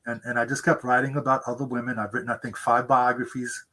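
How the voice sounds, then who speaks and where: A man's voice: level tone, fast, bright, forceful tone, a little hiss or hum, low-quality recording. A seventy-year-old man, an author, telling earnest stories in an interview and acting out quoted people in a raised voice. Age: 70s. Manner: earnest storyteller, acts out quotes in a high voice. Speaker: author guest. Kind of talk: conversational interview. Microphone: remote interview mic.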